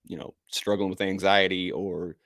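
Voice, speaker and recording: A man hosting a podcast, talking in a halting way with many fillers and pauses. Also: low-pitched, flat delivery, a bit bright, dry recording, clean studio sound. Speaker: podcast host. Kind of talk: casual podcast chat.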